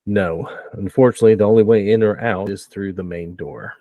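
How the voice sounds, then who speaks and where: A man running a tabletop game as game master, narrating with relaxed banter and frequent laughs. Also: lowish voice, brisk, no echo, phone-quality sound.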